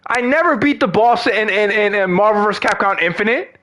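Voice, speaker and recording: A man with a strikingly high, bright voice rants casually about games, swearing freely and trailing off into slangy asides. His delivery is exasperated and conversational. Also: brisk. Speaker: gaming vlogger. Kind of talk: ranting casual monologue.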